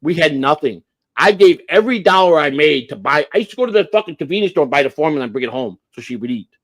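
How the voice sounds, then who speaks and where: A man's voice: a little high, lively intonation, quick pace. Blunt, profane man around sixty. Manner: blunt, profane and emphatic, with many restarts. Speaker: livestream host. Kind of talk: casual storytelling on a livestream.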